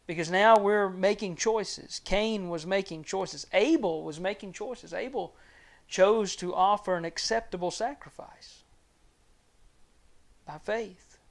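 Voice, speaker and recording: With a gravelly voice, a man delivers a sermon, reading scripture and explaining it with earnest, measured care. Grave points bring his tone down to something soft and low.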